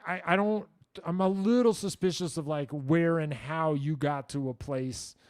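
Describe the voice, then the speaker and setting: A man's voice: medium pitch, darkish tone, no echo, studio quality. A man hosting a casual livestream Q&A, answering viewer questions in a rambling, self-deprecating way, full of likes and you-knows and blunt, profane asides.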